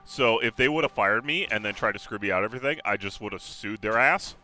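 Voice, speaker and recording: A man's voice: fairly low pitch, fast, bright, forceful tone, no room sound. Cursing, laughing man chatting during a game. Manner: profane, laughing storyteller. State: sick with covid. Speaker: host. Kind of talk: casual chat while gaming.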